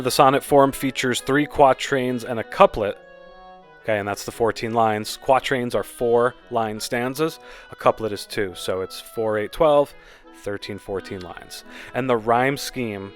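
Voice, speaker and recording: A man hosting a casual poetry lesson, explaining informally and reading verse aloud slowly and expressively. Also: lowish voice. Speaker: poetry teacher, channel host.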